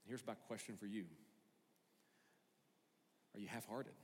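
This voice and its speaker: A male pastor preaching a sermon, earnest and conversational, with animated storytelling. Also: on the low side, measured pace. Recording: long hall reverb, faint music.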